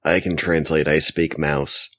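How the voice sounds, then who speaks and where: A man playing a tabletop game, tossing in quick joking asides. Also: a bass voice, steady tone, fairly bright tone, no echo. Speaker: player.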